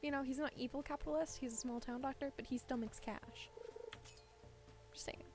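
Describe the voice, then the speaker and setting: Creaky-voiced woman chatting through a game. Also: high-pitched, steady tone, fairly quick, music in the background. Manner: chatty, rambling, thinks out loud with little laughs. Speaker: game streamer. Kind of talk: casual gameplay commentary. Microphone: desk microphone set low.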